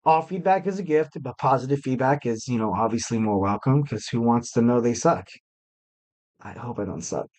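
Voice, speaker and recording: A man's voice: mid-range voice, brisk, few pauses, a little mellow. A young man hosting a wrestling podcast alone, chatting loosely with lots of fillers and little self-mocking jokes. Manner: rambling, filler-heavy, self-joking. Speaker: podcast host. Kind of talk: casual solo podcast chat.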